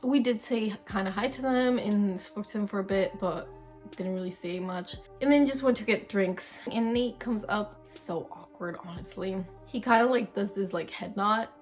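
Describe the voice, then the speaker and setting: A young woman vlogger with a mid-range voice tells a story at a normal speed, chatting casually and dramatically while swearing freely. Faint music plays in the background.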